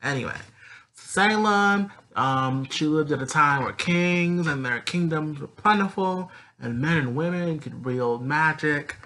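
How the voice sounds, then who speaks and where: A man's voice: on the high side, a little slow, bright, forceful tone. A man casually recapping a story episode in a sassy, profane, rambling way. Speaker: recap vlogger.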